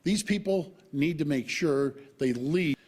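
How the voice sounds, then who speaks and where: A man's voice: on the high side, unhurried, darkish tone. A middle-aged man, a provincial premier, giving a press conference statement, stressing words emphatically and repeating himself for effect.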